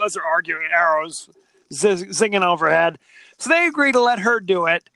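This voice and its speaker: High bright guy cohosting a movie podcast, dry mic, jokey animated recap. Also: brisk, no echo. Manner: animated, jokey, recaps the plot with quoted asides. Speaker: podcast co-host. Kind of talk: casual movie-review chat.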